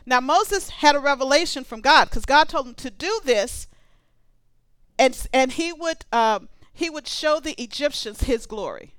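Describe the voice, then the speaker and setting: A woman preaching a sermon, conversational and animated, reading scripture aloud between comments. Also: sits high, measured pace, no room sound.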